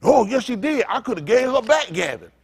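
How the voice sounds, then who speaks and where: Animated male preacher, lively pitch. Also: brisk, vocal fry, slightly rough. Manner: animated, joking, talks straight to the congregation. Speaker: pastor. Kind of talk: conversational sermon. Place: synagogue congregation.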